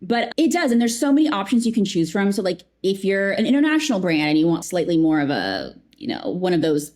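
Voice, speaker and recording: Speaking at a medium pitch and a fairly quick pace, this interview guest from customer experience keeps things casual. She's animated and performs small quotes as she goes.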